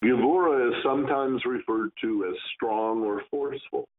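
A man teaching Kabbalah, giving a slow, stern lesson on pronouncing Hebrew letters and stretching words to demonstrate. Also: medium pitch. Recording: tinny phone-like sound.

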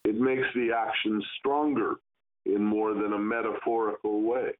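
A man teaching Kabbalah, giving a slow, stern lesson on pronouncing Hebrew letters and stretching words to demonstrate. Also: on the low side, steady tone. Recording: tinny phone-like sound.

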